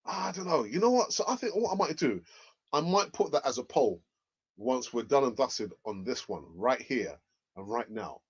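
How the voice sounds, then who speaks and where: A young man hosting casual football news commentary, animated and laughing often as he reacts. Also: medium pitch, normal speed, breathy edge. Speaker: football channel host. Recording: dull lo-fi audio.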